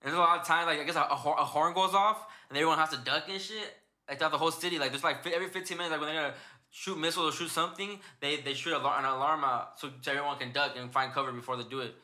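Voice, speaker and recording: A man's voice: on the high side, fairly even intonation, racing, pushed and bright. A young man hosting a podcast in casual chat, rambling and swearing as he retells stories. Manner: rambling, profane, retells stories with put-on quotes. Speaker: podcast host.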